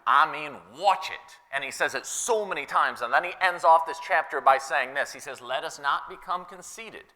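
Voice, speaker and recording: A man preaching a sermon as pastor, conversational and animated, paraphrasing scripture and repeating key words for emphasis. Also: fairly high pitch, big-room sound. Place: church sanctuary.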